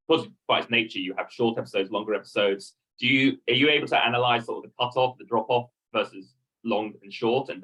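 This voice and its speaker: A man asking questions in a video call discussion, quick, with fillers. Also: on the low side, pushed and bright, low-quality recording. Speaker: meeting participant.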